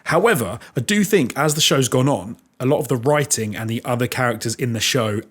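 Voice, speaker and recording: British male podcast host, medium pitch, candid and chatty, laughs easily. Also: expressive, a little fast, fairly bright tone, slightly rough. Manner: chatty and frank, with frequent laughs. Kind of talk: casual chat.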